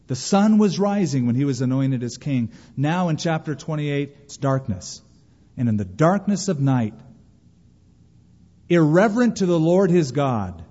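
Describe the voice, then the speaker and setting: Mellow-voiced preacher in a big hall. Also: male voice, a little high, breathy edge. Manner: emphatic storytelling, quoting scripture. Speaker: pastor. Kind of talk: sermon. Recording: reverberant, dull lo-fi hall recording.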